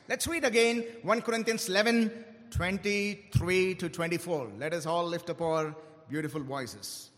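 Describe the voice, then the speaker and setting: Emphatic high-voiced preacher in a hall. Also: male voice, animated, fairly bright tone. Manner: emphatic, slows down and stresses key words. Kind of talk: sermon. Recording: long hall reverb.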